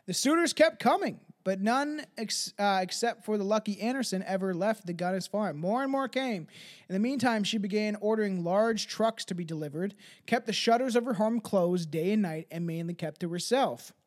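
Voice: medium pitch, normal speed. A podcast host telling a true-crime story casually, swearing and tripping over names. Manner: swears freely, laughs, trips on names.

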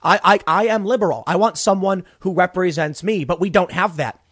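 A man's voice: sits high, fairly quick, fairly bright tone, no room sound. A young man hosting a political commentary show from a small closet studio, ranting animatedly and stammering through repeated words. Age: young adult.

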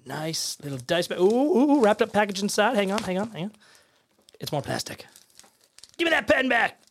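A man co-hosting a tabletop game podcast, chatting casually, excitable and jokey with lots of laughter. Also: sits high, moderate pace. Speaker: podcast co-host. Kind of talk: casual chat.

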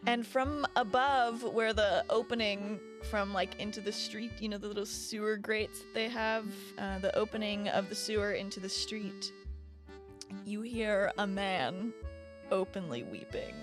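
A woman's voice: medium pitch, unhurried, over music. A young woman narrating as game master in a casual, loose way.

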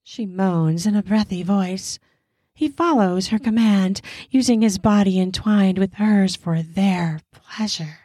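A woman narrating an adult romance story in a slow, intimate reading. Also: medium pitch, mellow, no room sound, clean studio sound. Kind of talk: scripted erotic story narration.

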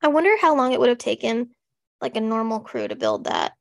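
A young woman co-hosting a podcast, chatting in an animated, sarcastic way and acting out quotes. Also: on the high side, fairly quick, gravelly. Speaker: podcast co-host. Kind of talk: casual snarky chat.

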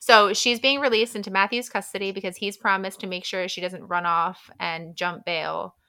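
A woman's voice: medium pitch, fairly even intonation, normal speed, sharp tone. A woman co-hosting a book podcast, recapping the plot in frank casual chat and laughing often. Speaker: podcast co-host.

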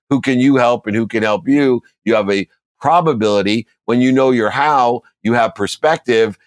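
A man's voice: mid-range voice, dry recording, studio quality. A middle-aged man, a business coach, telling motivational stories with an emphatic, preacher-like cadence. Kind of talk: motivational storytelling.

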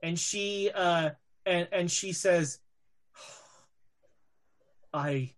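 Slow, hesitant woman game master. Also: fairly low pitch, animated. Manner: hesitant, many fillers. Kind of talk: narrating a tabletop game.

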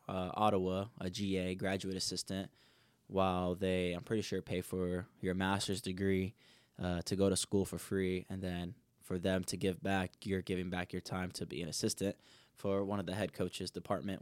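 Young man telling a rambling, animated story. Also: low voice, clear, resonant tone, no echo. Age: young adult. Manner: rambling, animated, acts out quoted dialogue. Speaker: podcast host. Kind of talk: casual solo storytelling.

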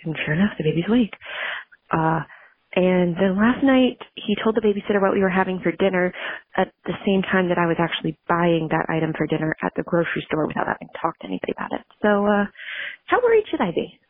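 Woman caller, husky, low-ish, phone-line audio. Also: quick pace, no echo. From Virginia, US. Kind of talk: voicemail message.

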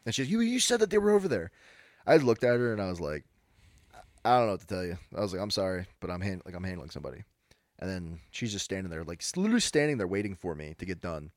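A man's voice: low-pitched, expressive, quick pace, no echo, studio quality. A young man co-hosting a podcast, rambling through stories, acting out what people said, with lots of "dude" and "bro". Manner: rambling storyteller, acts out quotes, says bro and dude. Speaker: podcast co-host. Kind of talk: casual chat.

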